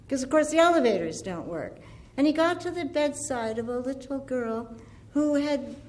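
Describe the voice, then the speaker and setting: Woman, antiwar speaker, higher register, impassioned but measured public-speech delivery. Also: darkish tone. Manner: earnest, deliberate, building through lists.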